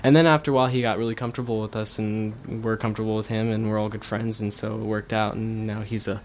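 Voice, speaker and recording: A man's voice: on the low side, little pitch movement, quick pace. Young man, rambling band guitarist, casual, filler-heavy, radio studio, faint hiss. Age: young adult. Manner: rambling, full of fillers and restarts. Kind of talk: casual interview chat.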